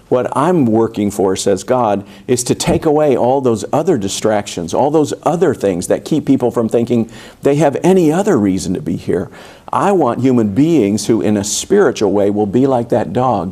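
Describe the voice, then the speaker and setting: Guy preaching in a church, chatty and rambling, mellow dark voice. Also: medium pitch, animated, normal speed. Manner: conversational, folksy, with many restarts and asides. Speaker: pastor. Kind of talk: sermon. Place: church sanctuary.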